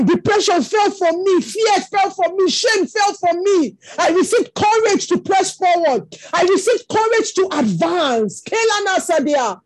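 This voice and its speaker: A woman preacher praying over listeners on an online call, impassioned and often shouting, breaking into tongues. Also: extremely high pitch, no room sound. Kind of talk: fervent preaching and prayer.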